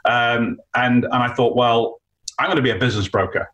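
A man with a voice of middling pitch tells a story from his own business life. He talks casually and animatedly, often pausing on fillers as he builds the tale. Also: highs cut off. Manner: animated anecdote with many fillers. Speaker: entrepreneur guest.

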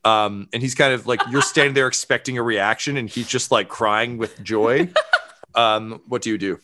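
A man's voice: mid-range voice, steady tone, moderate pace, sharp tone. A man narrating as game master, telling the story in a loose style full of fillers.

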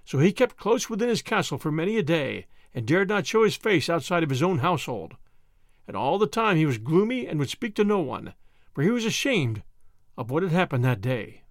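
A man reading a classic adventure story aloud in an expressive storytelling manner. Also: on the high side, fairly quick, dry recording, studio quality. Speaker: narrator. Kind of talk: audiobook narration.

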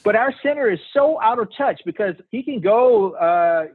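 A man's voice: high-pitched, lively intonation, moderate pace, husky, no echo. Earnest southern man on a tinny line. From South Carolina. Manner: earnest, passionate, folksy. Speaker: political candidate, guest. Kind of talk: remote interview. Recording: tinny phone-like remote line.

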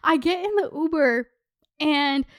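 A young woman telling a story in casual chat, animated and swearing, full of "like" fillers. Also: high-pitched, measured pace. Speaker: podcast host.

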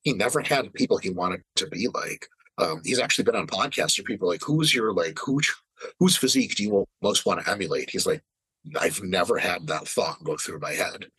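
A man with a slightly husky voice chats on a podcast, and his pitch swings up and down as he talks. He swears freely and slips into quick impressions of other people. The sound is dry and close. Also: animated, fairly bright tone, no echo, rough recording. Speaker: podcast host. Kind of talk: casual podcast conversation.

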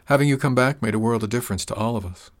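A man's voice: medium pitch, rapid-fire, close to an everyday voice. A shy young country woman, still weak from fever, as a male narrator voices her. Her speech is raised and hesitant, earnest and plain-spoken.

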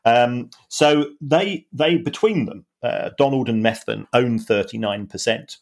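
A man co-hosting a podcast, analysing in a wry, halting way with many restarts. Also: mid-range voice. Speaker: podcast co-host and finance analyst. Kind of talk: casual podcast chat.

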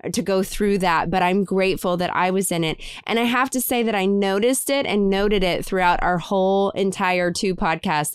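A woman co-hosting a podcast in a loose, effusive way, full of fillers and restarts. Her voice is very smooth and clear. The sound is dry and close. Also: mid-range voice, no echo. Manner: effusive, gushing, many fillers. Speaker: podcast co-host. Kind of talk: casual conversational interview.

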